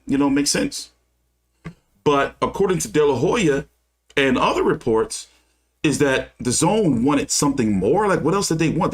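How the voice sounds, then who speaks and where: A man hosting a casual boxing livestream, reading news aloud and breaking into heated, profane rants. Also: mid-range voice. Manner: reads news aloud then rants with cursing. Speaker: boxing channel host.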